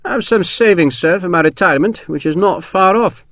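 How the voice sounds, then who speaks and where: A man's voice: sits high, a little fast, a bit bright, dry recording, studio quality, voice pushed up. A man voicing a dour older colonel. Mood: grim. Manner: grim, gloomy, clipped. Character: older Scottish army colonel, dour and stern.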